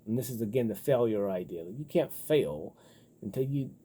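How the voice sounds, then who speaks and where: Speaking at a moderate pace in a lowish, very dark and husky voice, this vlogger delivers a loose, rambling monologue. He swears freely, leans heavily on fillers, and turns animated once he's worked up.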